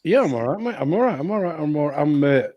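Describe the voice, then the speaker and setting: A man's voice: fairly high pitch, lively intonation, fast, a little mellow, no room sound. A tired man co-hosting a casual live stream, laid-back and dry. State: tired, yawning. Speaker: co-host.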